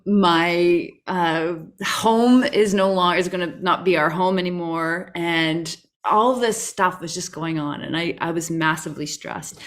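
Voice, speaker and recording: A woman who is a podcast guest, telling a personal story in an expressive way, with frequent restarts and self-corrections. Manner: expressive, with sudden rises in pitch when recounting stress.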